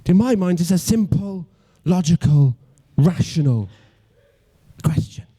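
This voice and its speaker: Young Welsh man on stand-up, mellow voice sitting a bit high, self-mocking, trips over his words. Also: expressive, a little slow, breathy edge. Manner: self-deprecating, stammering restarts, mock-logical. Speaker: stand-up comedian. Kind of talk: stand-up comedy routine.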